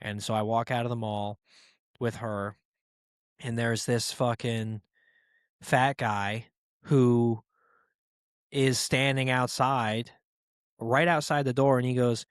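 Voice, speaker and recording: A man in his thirties hosts a comedy podcast, rambling through stories with casual swearing. His voice is smooth and clear, at a middle pitch, and it is recorded close and dry. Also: steady tone, slow pace, pauses often, dry recording. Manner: rambling storyteller who swears casually and acts out quoted voices. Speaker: podcast host.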